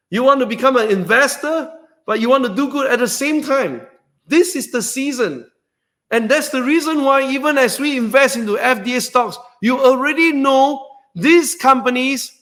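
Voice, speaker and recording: A man hosting a stock trading webinar in a motivational style, excitable, shouting and whooping for emphasis, then dropping low and earnest for serious points.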